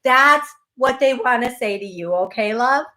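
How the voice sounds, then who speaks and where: Effusive psychic host, high voice. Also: female voice, lively intonation, measured pace, pushed and bright, slight background noise. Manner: effusive, emphatic, repeats phrases. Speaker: psychic medium radio show host. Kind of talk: call-in psychic reading.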